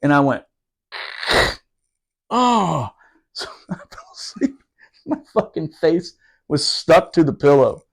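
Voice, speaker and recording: A man's voice: on the high side, lively intonation, unhurried, pauses often. A man telling a rowdy, profane story about his Marine days, laughing as he goes. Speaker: podcast storyteller, former Marine. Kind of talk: casual storytelling.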